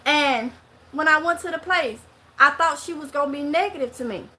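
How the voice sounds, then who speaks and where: A middle-aged woman with a thick Mississippi Southern drawl tells stories straight to camera, animated and full of country dialect. Her voice sits high and comes across bright and forceful. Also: normal speed. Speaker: vlogger. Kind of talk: casual monologue to camera.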